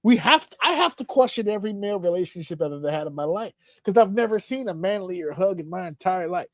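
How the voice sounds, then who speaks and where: A man co-hosting a podcast, telling a story in casual chat with lots of swearing and animated excitement. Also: sits high, quick pace, dry recording. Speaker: podcast co-host.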